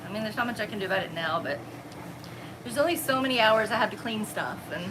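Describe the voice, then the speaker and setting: A woman co-hosting a casual home live stream from the kitchen, chatting in a relaxed, offhand way. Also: medium pitch, quick pace, background noise. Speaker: livestream co-host.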